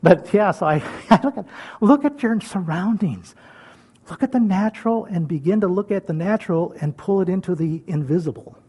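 An older man preaching a sermon in a folksy way, chuckling often and swinging between loud calls and soft whispers. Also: high voice, lively intonation, normal speed, breathy edge. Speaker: pastor.

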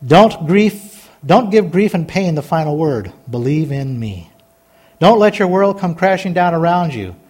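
Folksy high-voiced preacher. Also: male voice, animated, normal speed, a little mellow, husky. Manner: folksy, rambling preaching with asides and laughs; rises to a fervent, exhorting tone. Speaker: pastor. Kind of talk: sermon.

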